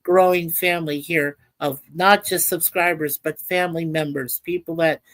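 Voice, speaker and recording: A woman hosting a casual livestream, speaking earnestly and warmly to her viewers and reading out their comments. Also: low-pitched, steady tone, normal speed. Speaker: livestream host.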